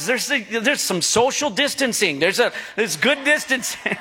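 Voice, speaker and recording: High bright-voiced middle-aged pastor preaching. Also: male voice, sing-song, moderate pace, few pauses, slightly rough. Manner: jokey, storytelling, asks the congregation for responses. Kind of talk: sermon. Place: church hall. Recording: long hall reverb.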